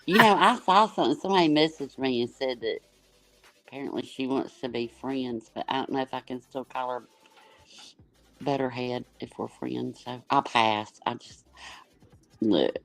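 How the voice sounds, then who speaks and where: A woman's voice: rumbling low, rough recording. A woman hosting a casual livestream, joking and laughing as she reacts to other streamers. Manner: sassy, joking, lots of laughter. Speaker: host.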